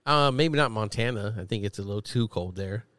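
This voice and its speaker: A man's voice: lowish voice, fairly quick, a bit bright, no echo. A man hosting a casual dinner-table podcast chat, joking and teasing his guests and swearing freely. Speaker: podcast host.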